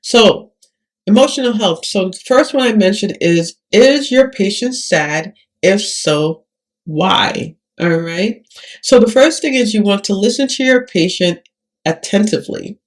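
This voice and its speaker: Woman, therapy tutor, calm and measured, frequent check-ins, instructional video. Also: mid-range voice.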